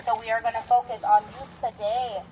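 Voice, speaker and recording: A woman's voice: on the high side, flat delivery, a little fast, darkish tone, a little hiss or hum, low-quality recording. A woman organizing a protest, speaking earnestly to a crowd outdoors in a park. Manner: earnest, rallying. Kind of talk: addressing a crowd.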